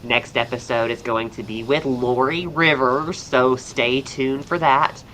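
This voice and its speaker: A young man with a soft Southern American drawl talks like a podcast host, rambling cheerfully. His voice is bright and forward. Faint background noise sits under the recording. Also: mid-range voice, steady tone, measured pace, poor audio. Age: young adult. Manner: chatty, upbeat, rambling with fillers. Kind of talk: casual chat.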